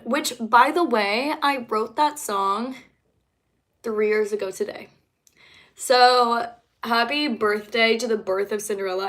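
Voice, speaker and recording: A woman's voice: mid-range voice, a bit bright. Chatty young woman streaming live. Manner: chatty, rambling, many fillers. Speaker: singer-songwriter. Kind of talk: casual livestream chat.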